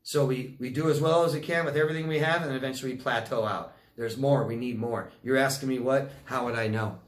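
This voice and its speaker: A blunt, animated male coach answers viewer questions, acting out the people in his stories. His voice sits at a middle pitch and rings in a roomy, echoey space. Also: brisk. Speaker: relationship coach. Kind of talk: Q&A advice talk.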